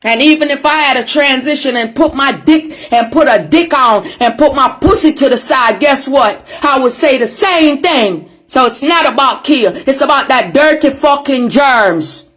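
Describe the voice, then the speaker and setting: A woman with a Jamaican accent in an angry social media rant, cursing and shouting insults. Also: high-pitched, expressive, normal speed, few pauses, soft background music. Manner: furious, profane, shouting insults.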